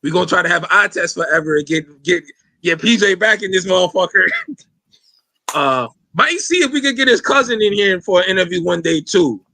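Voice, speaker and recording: A man's voice: high voice, lively intonation, brisk, vocal fry, pushed and bright, dry recording. A man hosting a casual podcast, talking loosely in slang with lots of fillers and swearing. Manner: loose, rambling, profane slang with many fillers. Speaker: podcast host.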